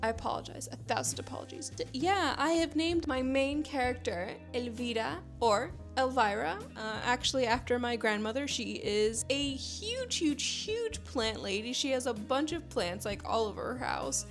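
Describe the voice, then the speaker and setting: A young woman novelist from Panama talks through her book ideas in a chatty, rambling way, full of fillers and enthusiasm. Her voice sits high, and she records from her home computer room with faint music underneath. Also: lively intonation, moderate pace, hardly any pauses. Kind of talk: chatty writing vlog.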